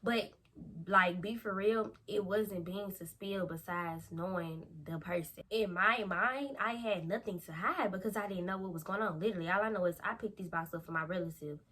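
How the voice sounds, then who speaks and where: A young woman vlogger telling a storytime in a lively, slangy way, acting out quotes. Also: mid-range voice, normal speed. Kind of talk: storytime vlog.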